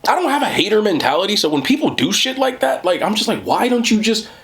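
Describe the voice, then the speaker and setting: Animated young man ranting on his vlog. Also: fast talker. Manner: animated, swings from low mutter to high laughing jabs; swears freely, says bro a lot. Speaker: mukbang creator. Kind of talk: casual vlog rant while eating.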